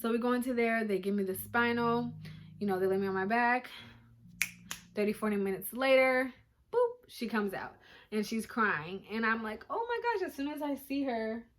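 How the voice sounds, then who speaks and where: A woman's voice: on the high side, moderate pace, slight background noise. A young woman casually telling her birth story to viewers, chatty and emotional, recorded on a phone at home. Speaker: vlogger. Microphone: phone camera.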